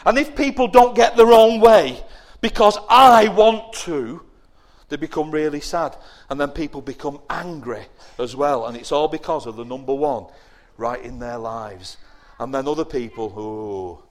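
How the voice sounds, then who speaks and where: A man giving a lively children's sermon, asking the young listeners questions and acting out whiny voices. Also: fairly high pitch, unhurried. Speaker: preacher giving a children's talk.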